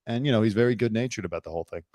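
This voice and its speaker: A man's voice: on the low side, racing, darkish tone, no room sound, studio quality. Sarcastic male podcast host. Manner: sarcastic, wisecracking. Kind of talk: casual news chat.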